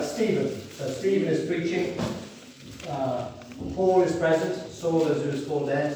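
An earnest man preaching a rousing sermon, his voice a little high. He sits back from the mic in a church hall with heavy echo and a faint hiss behind him. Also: a little mellow. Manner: earnest, rousing, reads scripture aloud. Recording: echoey church hall from far off.

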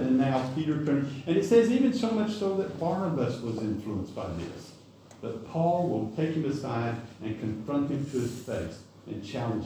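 A man's voice: fairly high pitch, warm tone, slight background noise. A man preaching a sermon in a folksy, conversational way, with asides and self-corrections. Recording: echoey hall, distant mic.

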